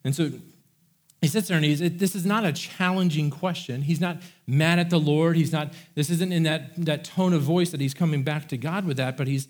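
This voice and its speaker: A middle-aged man preaching a sermon as pastor, talking in a relaxed, conversational way and retelling scripture in everyday words. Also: a little high, normal speed. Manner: conversational, paraphrases scripture in a casual voice.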